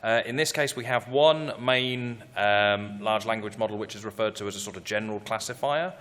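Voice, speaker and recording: Low-voiced man explaining tech in a hall. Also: moderate pace, fairly bright tone. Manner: explanatory, with fillers. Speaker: tech presenter. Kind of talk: conference talk.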